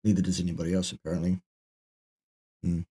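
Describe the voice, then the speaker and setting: A man's voice: deep voice, monotone, fast talker, dark tone, slightly rough. A middle-aged man co-hosting a live question-and-answer chat, who gives dry, joking answers and drifts into asides. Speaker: co-host answering viewer questions.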